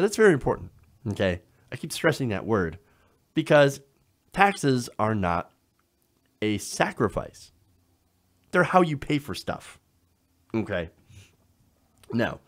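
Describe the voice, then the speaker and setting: A man's voice: medium pitch, a bit bright. A man hosting a political commentary show, explaining in an emphatic style and often checking in with the listener. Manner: emphatic, explanatory, frequent "now" and "okay?" checks.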